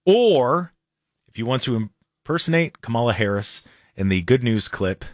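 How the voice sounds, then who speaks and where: A man's voice: mid-range voice, sing-song, no echo, clean studio sound. A man hosting a radio talk show, chatting casually and often restarting his sentences. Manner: chatty, halting, starts sentences over. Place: radio studio. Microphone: studio microphone.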